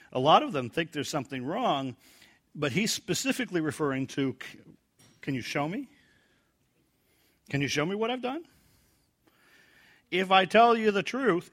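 Guy teaching the bible verse by verse, gets loud acting out the quotes then goes quiet and low explaining. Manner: animated, acts out quoted lines with rising pitch and volume. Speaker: preacher.

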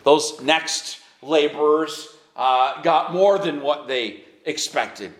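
A man preaching a sermon as pastor, moving between quiet earnest stretches and high, emphatic rises. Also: slow. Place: church sanctuary. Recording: echoey church hall.

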